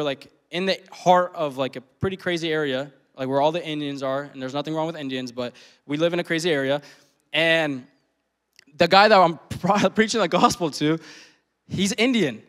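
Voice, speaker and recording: A man's voice: a little high, a bit bright. A man in his twenties telling a personal story during a sermon, casual and full of slang, laughing often. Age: 20s. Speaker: preacher.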